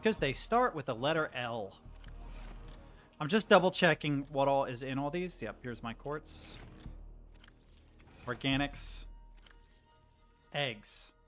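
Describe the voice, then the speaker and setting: A man's voice: medium pitch, animated, slow, pauses often, fairly bright tone, soft background music. A young American man chatting casually to his stream while he plays a game. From United States. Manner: chatty, rambling, talks to chat. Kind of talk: casual gameplay commentary.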